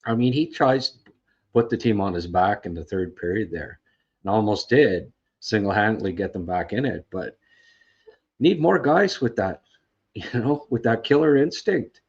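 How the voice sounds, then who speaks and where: A man with a fairly low voice hosts a casual recap on a livestream. He rambles, sounds frustrated, and keeps restarting his sentences around fillers. The sound is dull and lo-fi. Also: lively intonation, normal speed, slightly rough. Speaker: podcast host.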